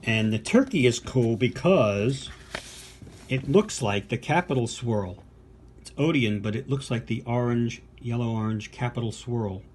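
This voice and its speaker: A man's voice: mid-range voice, lively intonation, measured pace, a little mellow, a little hiss or hum. An older American man, a podcast co-host and vinyl collector, talking casually and enthusiastically through a box of records with fillers and asides. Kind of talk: casual unboxing show-and-tell.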